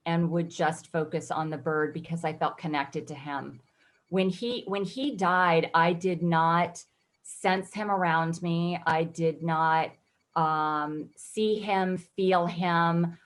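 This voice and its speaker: A woman photographer telling her personal story in an interview, reflective and earnest. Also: fairly low pitch. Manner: reflective, earnest, emotional at times. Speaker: guest photographer.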